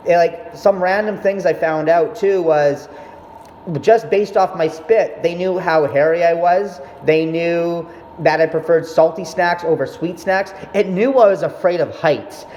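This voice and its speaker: Unhurried and slightly high-voiced with a darkish tone, a young male vlogger wanders through a casual, swear-laden account of his mother, repeatedly interrupting himself. The room sounds echoey and dull, with faint noise.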